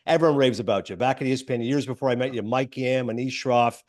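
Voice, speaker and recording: A male podcast host talks fast and sounds excitable as he sets up stories and praises his guest. His voice sits at a middle pitch and runs at a brisk pace. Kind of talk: casual interview.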